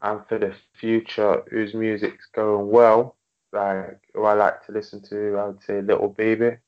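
A man with an English accent, a rapper guest in casual chat, relaxed and hesitant, laughing easily. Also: on the low side, a little slow, clean tone, highs cut off. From England.

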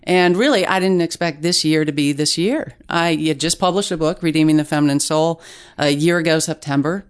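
A middle-aged woman journalist, a guest in an interview, telling stories in a lively casual way with restarts. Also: low voice, brisk, clean tone. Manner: animated storytelling with restarts.

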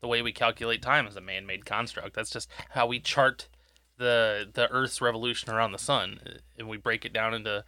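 A man's voice: mid-range voice, steady tone, a little fast, bright, forceful tone, dry recording. A man chatting casually on a podcast, explaining things and laughing along. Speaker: podcast co-host. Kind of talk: casual profane chat.

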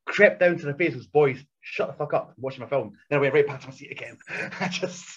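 A man, a podcast guest, telling loud, excitable stories full of swearing and acted-out quotes. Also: medium pitch, fast, a little hiss or hum. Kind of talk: animated storytelling. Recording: dull lo-fi podcast audio.

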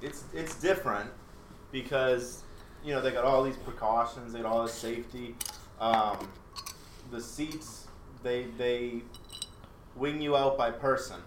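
A man appearing as a podcast guest, answering questions in a calm, measured way. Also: mid-range voice. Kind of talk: casual interview answers. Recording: roomy, distant mic with faint noise.

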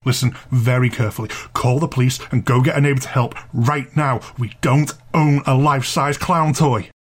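A man playing a caller who gives a hurried, clipped warning to a babysitter. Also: medium pitch, fairly even intonation, slightly rough, lightly acted. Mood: urgent.

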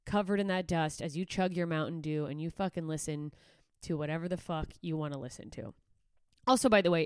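A woman's voice: on the low side, darkish tone, clean tone, no room sound, studio quality. A young woman hosting a solo podcast, ranting profanely and sarcastically, slipping into mocking voices, a little congested. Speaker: podcast host.

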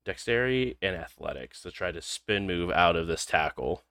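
A man's voice: deep voice, lively intonation, normal speed, pushed and bright, smooth, no room sound. A man running a tabletop game as game master, laid-back and amused.

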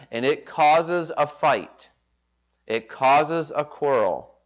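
A man preaching a sermon as pastor, talking in a conversational way and acting out the voices of people he quotes. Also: mid-range voice. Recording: slightly dull lo-fi sound.

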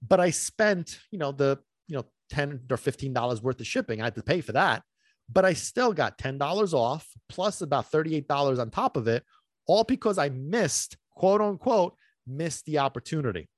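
A man hosting a podcast, telling a long story in an animated, rambling way that swings between loud bursts and muttered asides. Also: a little high, normal speed, no room sound, studio quality. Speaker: podcast host.

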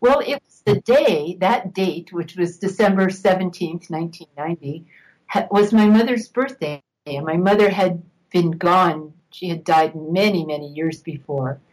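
A woman's voice: fairly low pitch, moderate pace, poor audio. Older woman telling a personal story. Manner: warm reminiscing with laughs. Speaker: guest. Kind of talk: interview storytelling.

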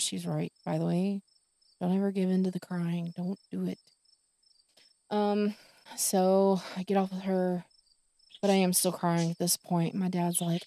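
Gravelly low-voiced woman telling a story. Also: little pitch movement, unhurried, warm tone, no room sound. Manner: rambling, many fillers and restarts. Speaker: podcast host. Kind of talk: personal storytelling.

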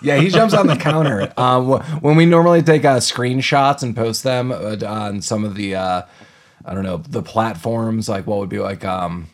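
A man co-hosting a casual podcast, retelling a movie with plenty of energy. His voice sits at an ordinary middle pitch, and he slips into quick voices for the characters. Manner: animated retelling with acted-out quotes. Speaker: podcast co-host. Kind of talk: casual movie recap chat.

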